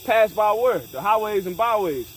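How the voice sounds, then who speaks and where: A man's voice: high-pitched, expressive, moderate pace, a little hiss or hum, poor audio. A man leading a casual scripture discussion, emphatic and profane, mixing street slang with Bible reading. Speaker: scripture study leader.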